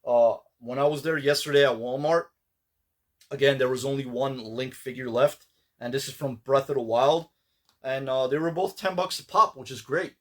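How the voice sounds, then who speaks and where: A man talking casually about his latest collectible finds. His voice sits at an ordinary middle pitch. He rambles, restarting sentences and filling pauses with "uh" and "like". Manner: rambling, relaxed, many fillers and restarts. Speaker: collector vlogger. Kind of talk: casual pickups vlog.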